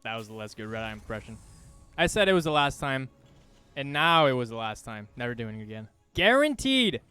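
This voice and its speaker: A man casting a strategy game replay with animated, chatty, self-deprecating commentary, often thinking out loud. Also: medium pitch, a little fast, clean tone, soft background music. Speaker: esports caster.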